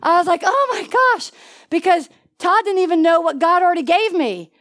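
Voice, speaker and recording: A woman preaching a sermon in an animated way, with laughing asides and questions to the congregation. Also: extremely high pitch, fairly quick.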